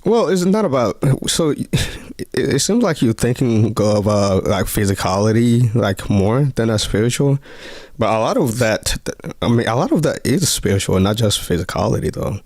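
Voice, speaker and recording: A man with a non-native English accent in a live online religious debate, speaking haltingly with fillers. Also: mid-range voice, animated, darkish tone, no room sound. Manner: halting, with fillers and repeated words. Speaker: debate participant.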